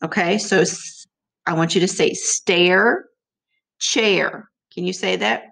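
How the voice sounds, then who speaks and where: A woman teacher leading a rhyming lesson for young children, encouraging them and repeating words slowly for them to echo. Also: lowish voice, creaky, a bit bright.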